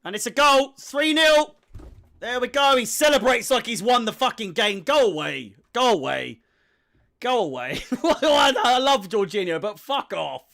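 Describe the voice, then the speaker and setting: A man's voice: extremely high pitch, animated, normal speed, pushed and bright. A young man giving casual live commentary on a football match as a fan, swearing freely and sounding exasperated.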